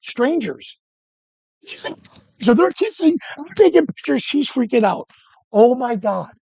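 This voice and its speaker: A man teaching photography who tells animated, joking stories and keeps breaking off and restarting his sentences. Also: extremely high pitch, measured pace, gravelly, husky, dry recording. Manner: animated anecdotes, self-interrupting, joking. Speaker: photography instructor. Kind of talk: storytelling during a workshop lesson.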